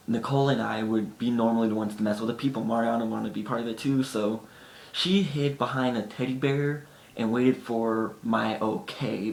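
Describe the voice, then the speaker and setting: A man telling casual stories to the camera in a chatty way, sometimes acting out his friends' lines. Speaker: vlogger. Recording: echoey room with faint rumble.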